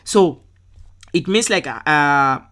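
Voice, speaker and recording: Low-voiced woman tutoring. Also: animated, drawn-out words, a bit bright. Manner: checks in often with "right?"; talks through worked answers step by step. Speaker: physical science tutor. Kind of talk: explaining test answers.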